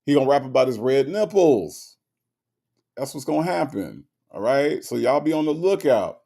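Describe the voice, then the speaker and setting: Brief: male streamer, casual comedic commentary, gravelly, repeats himself for emphasis. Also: mid-range voice, moderate pace. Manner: animated, repetitive, laughing asides. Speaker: livestream host reading chat.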